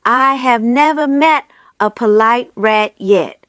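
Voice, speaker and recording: Proper, measured male badger, put on by a woman reader; low and slow, dry close sound. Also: a bit bright, smooth, no echo. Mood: prim.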